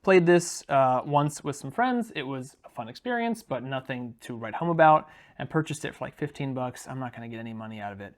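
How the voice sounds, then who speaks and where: A man chatting casually in a talking-head board game vlog, relaxed and unscripted with frequent ums. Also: mid-range voice, brisk, hardly any pauses. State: briefly out of breath after carrying boxes. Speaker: board game video creator.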